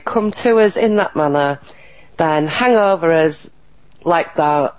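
A woman's voice: low-pitched, low-quality recording. A woman talking earnestly and emphatically as an interview guest, often restarting her sentences. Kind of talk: casual interview talk.

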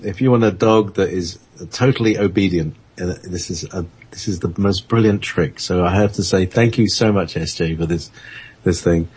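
Husky-voiced man rambling on internet radio. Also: low voice, a little mellow. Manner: halting, many fillers and restarts, laughs often. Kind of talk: rambling casual chat on air.

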